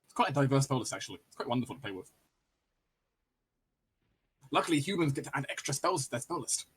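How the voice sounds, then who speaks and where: Game master, man, breathy voice, relaxed narration. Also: medium pitch, fast talker.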